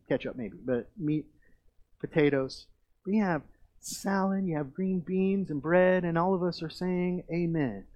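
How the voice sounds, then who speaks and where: A man's voice: a little high, darkish tone, lo-fi sound. A middle-aged man, a pastor, preaching a sermon in a conversational way that rises to emphatic declarations.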